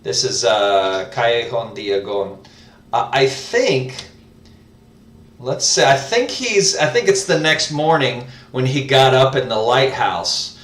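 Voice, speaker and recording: Slow, hesitant man teaching himself a language. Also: mid-range voice, sing-song, a bit bright. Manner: hesitant, many fillers and self-corrections. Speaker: language learner host. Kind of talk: casual spoken lesson, thinking aloud. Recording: roomy, mic at a distance.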